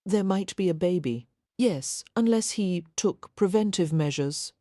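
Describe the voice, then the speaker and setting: A woman voicing a gentle, earnest young Victorian lady in an audiobook. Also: fairly low pitch, animated, a little slow, dry recording, clean studio sound. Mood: uncertain.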